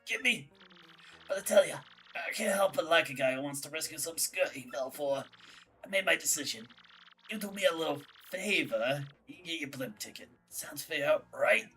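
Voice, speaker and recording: A woman voicing a gravelly old male mob boss creature in a video game, with a raspy, menacing drawl. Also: deep voice, animated, normal speed, a bit bright, distant mic, faint music behind. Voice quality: raspy Godfather-style mumble.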